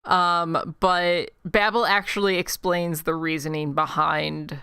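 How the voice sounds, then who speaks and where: A woman's voice: lowish voice, fairly even intonation, sharp tone, smooth, no echo, studio quality. A woman from Chicago with a Chicago accent, chatting casually and rambling into a desk mic while livestreaming a game. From Chicago, United States. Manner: chatty and rambling, quick self-mocking asides. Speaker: streamer. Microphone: desk microphone.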